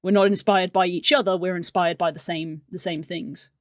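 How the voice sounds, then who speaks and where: A woman streamer chatting casually and excitably on a live art stream, rambling through tangents from a room at home. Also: lowish voice, normal speed, no echo, studio quality. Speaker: livestreamer.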